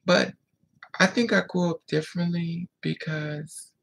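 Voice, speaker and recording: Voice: medium pitch, steady tone, a little slow, vocal fry, fairly bright tone. A vlogger telling a painful personal story in a blunt, raw way, repeating phrases and swearing freely.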